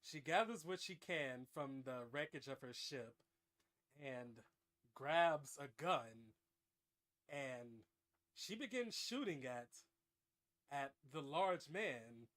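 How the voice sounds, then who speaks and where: A man hosting a show, improvising a comic story with dramatic narration and an animated delivery. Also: medium pitch, takes it slowly, pauses often. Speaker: host.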